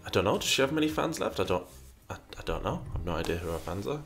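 A man's voice: fairly low pitch, sing-song, quick pace, fairly bright tone. A man hosting a casual question session, reading out viewer questions and mulling over each answer while often repeating himself. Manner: reads questions aloud, muses, repeats himself. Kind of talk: casual chat.

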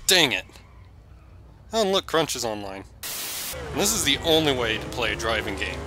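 A man giving excitable, jokey gameplay commentary, yelping and shouting whenever he crashes. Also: medium pitch, moderate pace, soft background music. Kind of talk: let's play commentary.

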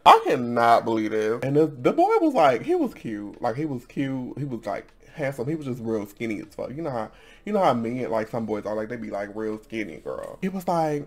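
Very animated and brisk, a man in his twenties with a mid-range voice tells a story to his camera at home as a storytime vlogger. He's sassy, profane, quick to laugh, and calls viewers girl.

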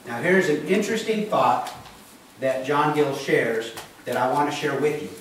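This pastor's voice sits on the high side and moves at a moderate, expressive pace as he delivers his sermon in church. He speaks plainly and often checks in with the congregation. There's slight background noise, and the echoey hall was recorded from afar.

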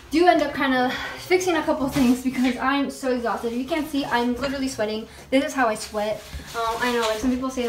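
A woman's voice: sits high, background noise. A young woman from Texas talking to her camera in a casual, bubbly vlog with lots of "like" and "literally" as she moves into her college dorm. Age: young adult. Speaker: vlogger. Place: college campus and dorm room. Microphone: handheld phone camera.

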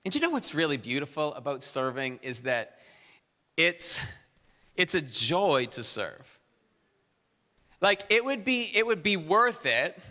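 A fairly high-voiced man preaches in a large hall, his bright, forceful tone trailing long reverb. He exhorts the room with energy, rallying the church as its pastor. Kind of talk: sermon announcements. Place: church auditorium.

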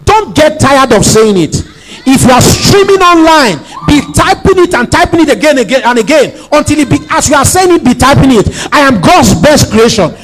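A man's voice: extremely high pitch, animated, fairly quick, a bit bright, soft background music, rough recording. A man preaching a sermon as pastor, emphatic, repeating phrases and prompting the congregation to say lines back.

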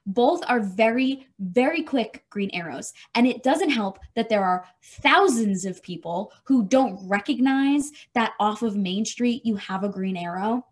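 A woman co-hosting a podcast, telling a story in a lively, profane, casual way. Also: on the high side, unhurried, few pauses, breathy edge. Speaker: podcast co-host. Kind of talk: casual chat.

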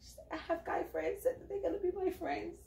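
Animated high-voiced woman in an echoey room. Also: fast, gravelly, distant mic. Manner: animated, laughs often, acts out quotes. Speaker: co-host of a reality show review. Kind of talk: casual chat. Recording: echoey room, away from the mic.

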